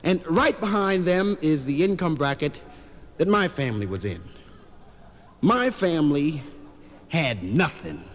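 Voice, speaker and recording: A man performing a stand-up comedy routine in a club, an animated storyteller who acts out every character. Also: a little high, unhurried, long pauses.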